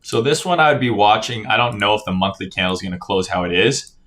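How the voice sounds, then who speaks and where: Speaking fast and animated in a lowish, slightly bright voice, a man streams casual crypto chart talk. Though tired and yawning, he swears casually, reads viewer comments aloud, and often ends with "right?".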